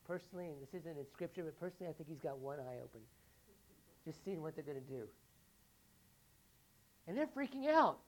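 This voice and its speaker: A woman with a deep, low voice preaching a sermon. She keeps asking her listeners questions and climbs to loud, emphatic peaks before dropping back to an easy, talking tone. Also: fairly even intonation, fast, low-quality recording.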